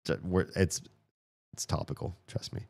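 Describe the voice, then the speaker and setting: A man's voice: deep voice, steady tone, moderate pace, gravelly, darkish tone. A man in his thirties chatting casually on a live stream, rambling and self-mocking, laughing often.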